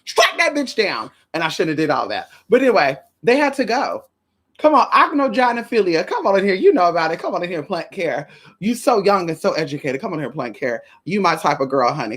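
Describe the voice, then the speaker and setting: A woman hosting a casual livestream, sassy and animated, calling her viewers honey and girl while greeting them. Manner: swoops high for greetings and drops low for asides.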